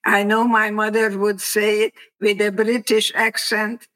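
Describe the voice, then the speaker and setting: A woman's voice: medium pitch, level tone, a bit bright, rough recording. An older woman from Hungary giving a reflective, plainspoken personal testimony as an interview guest. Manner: slow, reflective, plainspoken storytelling.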